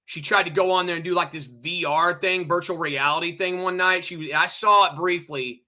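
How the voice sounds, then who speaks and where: A man's voice: high-pitched, fairly even intonation, moderate pace, bright, forceful tone. A man hosting a livestream, ranting angrily to his chat, profane and repetitive, and pressing listeners with rhetorical questions. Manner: heated, profane, repetitive, addresses chat directly. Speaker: livestream host. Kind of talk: angry ranting livestream monologue.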